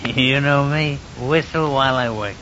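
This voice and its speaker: An actor playing a cheerfully morbid morgue attendant in an old radio drama, joking in a folksy way. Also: male voice, medium pitch, unhurried, lightly acted. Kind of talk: 1940s radio acting. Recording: dull, noisy old radio recording.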